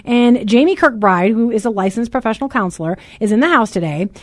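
A loud, chatty woman hosting a casual talk radio show from a studio. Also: fairly high pitch, expressive, fairly quick, no room sound. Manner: loud and chatty, says so herself.

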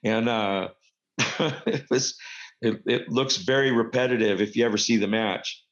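A man's voice: mid-range voice, unhurried. Middle-aged guy rambling thru old wrestling stories, lots of uh and um, kinda muffled lo-fi audio. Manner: rambling, frequent fillers and self-corrections. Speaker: former pro wrestler telling stories. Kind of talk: casual anecdotal storytelling. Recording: dull lo-fi recording.

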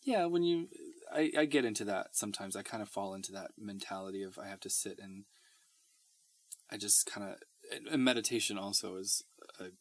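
A man co-hosting a casual chat from a small closet, quick to laugh and telling stories. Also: lowish voice. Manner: laughs easily, animated storytelling.

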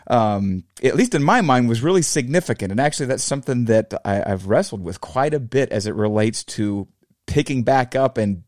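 A man in his forties talks through a casual solo podcast episode, reflective and direct with his listeners. His voice sits at an ordinary middle pitch. The sound is dry and close, with no room echo. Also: animated, moderate pace, a little mellow. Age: 40s. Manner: reflective, addresses listeners as fellow fabricators. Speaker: podcast host.

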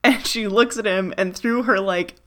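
A woman's voice: medium pitch, moderate pace, fairly bright tone. A woman co-hosting a podcast in casual chat, recapping with enthusiasm and laughing as she talks. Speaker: podcast co-host.

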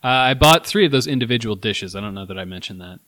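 A man's voice: on the low side, animated, fast talker, fairly bright tone, no room sound. A man co-hosting a casual podcast chat, rambling and hesitant but candid. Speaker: podcast co-host.

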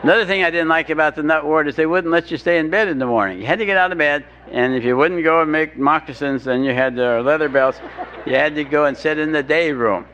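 A man's voice: mid-range voice, fairly bright tone. An older man telling his recovery story to an audience with dry humor, stumbling over words and acting out what others said. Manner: dry humor, restarts, quotes others in voices. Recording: dull lo-fi talk recording with faint hiss.

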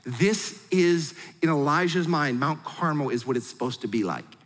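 A middle-aged male pastor preaching a sermon in a lively, conversational way, acting out quotes as he goes. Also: a little high, normal speed. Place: large church hall. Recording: long hall reverb.

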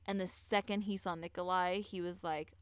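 A woman hosting a podcast, telling a true-crime story in casual chat, animated and swearing freely as she acts out what people said. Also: on the low side, moderate pace, clear, resonant tone, no echo. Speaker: podcast host.

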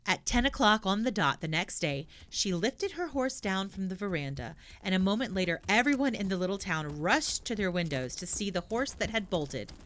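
Lively woman reading a storybook aloud. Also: medium pitch, slight background noise. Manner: expressive reading.

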